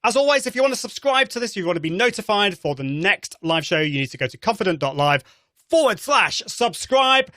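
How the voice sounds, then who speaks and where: A man's voice: sits high, big pitch swings, fairly quick, sharp tone, no room sound, clean studio sound. A man with an accent from near Manchester, hosting a live show in enthusiastic casual chat and often restarting his sentences. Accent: English, Manchester area. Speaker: podcast host.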